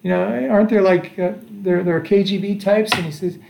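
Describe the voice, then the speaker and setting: A man in his sixties from the United States casually tells his family about his travels, rambling along with plenty of fillers and restarts. His voice sits high and is gravelly, with fairly even intonation and a slightly fast pace. The recording is in an echoey room with background noise.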